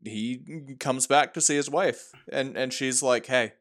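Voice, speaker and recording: A man co-hosting a casual movie podcast, telling scenes in an animated way and acting out lines. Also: mid-range voice, unhurried. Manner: animated storytelling, acts out quotes. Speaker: podcast co-host.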